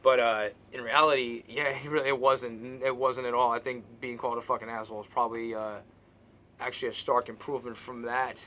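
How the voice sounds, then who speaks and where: A man recounts his own experiences in a loose, rambling monologue, circling back with restarts and fillers. His tone is bright and tense, and he swears bluntly without holding back. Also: medium pitch, flat delivery, fairly quick. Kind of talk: personal monologue.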